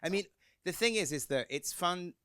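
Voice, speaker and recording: An English man, a film director, telling lively anecdotes at a cinema Q&A, quick and laughing. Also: high voice, smooth, no echo. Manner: quick, chatty, laughing storyteller. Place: cinema Q&A on stage.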